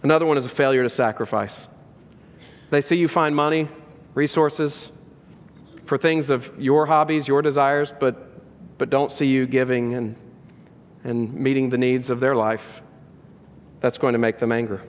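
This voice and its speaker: A man's voice: mid-range voice, fairly even intonation, unhurried, long pauses. A pastor giving a sermon to fathers, earnest and direct, repeating key lines for emphasis. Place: church sanctuary. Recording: echoey hall with long reverb.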